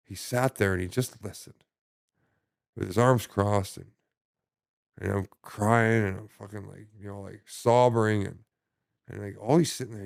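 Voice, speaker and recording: A man telling his story as a podcast guest in casual conversation, halting and profane, full of restarts and fillers. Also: fairly low pitch, gravelly, dry recording, clean studio sound.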